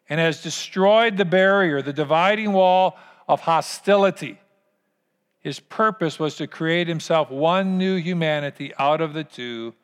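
A man's voice: sits high, fairly bright tone, in a large hall. A man preaching a sermon as pastor, earnest and storytelling, asking the congregation to repeat lines after him.

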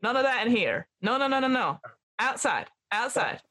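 A woman's voice: a little high, sing-song, moderate pace, pushed and bright, exaggerated voice. A woman voicing a hunched, balding male librarian who scolds people, with an American accent. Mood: scolding.

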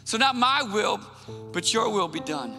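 Preacher doing an anguished man in prayer, pleading, bright, gravelly edge. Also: high-pitched, big pitch swings, a little slow, full character voice. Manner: pleading, earnest. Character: anguished grown man praying, pleading yet resolved. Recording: long hall reverb with soft music.

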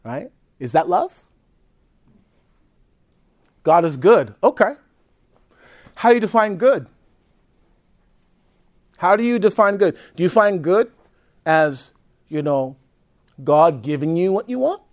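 A male priest teaching a group in a conversational way, often checking in with "right?" and dropping between loud emphasis and soft, low asides. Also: big pitch swings, slow pace, pauses often. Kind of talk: teaching talk to a live group.

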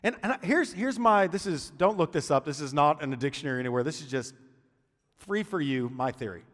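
A man's voice: fairly high pitch, lively intonation, brisk, a bit bright, long reverb tail. A man preaching a sermon in a conversational way, with joking asides between points. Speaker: pastor.

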